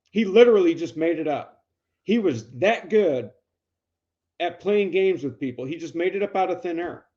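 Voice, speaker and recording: A man's voice: high-pitched, animated, normal speed, mellow, highs cut off. A man co-hosting a podcast who tells casual, profane stories and acts out the dialogue. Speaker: podcast co-host. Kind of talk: casual storytelling chat.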